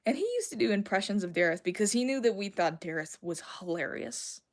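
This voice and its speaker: Southern girl streamer, rambly and giggly, lots of creaky fry. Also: mid-range voice, brisk. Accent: Southern American. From Southern United States. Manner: rambling, giggly, self-deprecating. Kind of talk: casual livestream chat, answering chat.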